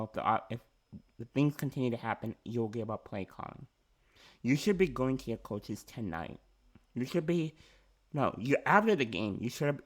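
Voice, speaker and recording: A man ranting about his football team's coaching, frustrated and repetitive, with frequent restarts. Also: lowish voice. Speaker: sports fan vlogger. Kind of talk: ranting sports commentary.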